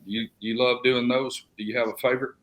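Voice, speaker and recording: A man co-hosting an interview, asking halting questions quietly. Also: mid-range voice, flat delivery. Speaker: co-host.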